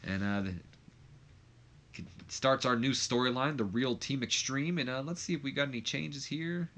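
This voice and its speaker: A man's voice: medium pitch, unhurried, fairly bright tone. A young man casually narrating a game, rambling with lots of fillers and restarts. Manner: rambling, many fillers and restarts, says like a lot. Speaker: let's play commentator.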